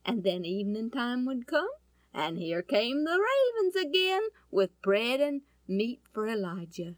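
A woman telling a Bible story in a folksy, animated way, often asking her listeners questions. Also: on the high side, measured pace, no room sound. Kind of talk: storytelling to an audience.

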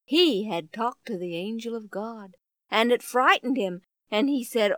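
A woman telling a Bible story in an animated, folksy way, full of exclamations. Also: fairly high pitch, unhurried, no echo.

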